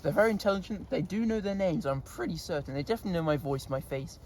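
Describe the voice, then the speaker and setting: A man's voice: high-pitched, lively intonation, fast, a little mellow, a little hiss or hum. A man chatting casually to camera outdoors in a goat pen, laughing often and scolding his animals. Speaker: vlogger. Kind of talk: casual vlog talk.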